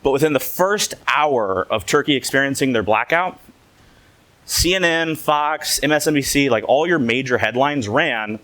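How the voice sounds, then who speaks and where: A man's voice: medium pitch, lively intonation, normal speed, fairly bright tone. A man giving a conference talk in a casual, joking way, telling stories with animation. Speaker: conference speaker.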